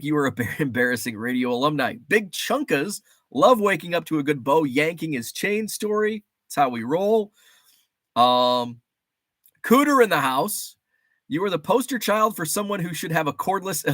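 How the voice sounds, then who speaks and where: A man's voice: on the high side, fairly bright tone, dry recording. Chatty man with a dry close sound. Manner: rambling, chatty, laughs often, reads chat aloud. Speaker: livestream host. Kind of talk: casual livestream chat.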